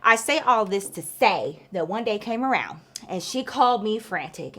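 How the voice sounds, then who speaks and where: Woman vlogger, story-time host, chatty and profane, animated delivery. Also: mid-range voice, normal speed, hardly any pauses. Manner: animated, chatty, profane, addresses viewers as bestie.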